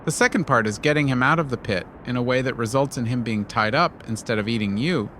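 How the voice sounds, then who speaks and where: A man voicing a calm, shrewd wife who plans everything, speaking matter-of-factly. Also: mid-range voice, quick pace, a little hiss or hum, close to an everyday voice.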